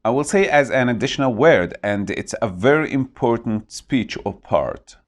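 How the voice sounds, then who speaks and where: A man teaching English vocabulary, saying each word slowly and repeating it to model pronunciation. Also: medium pitch, lively intonation. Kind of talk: vocabulary lesson.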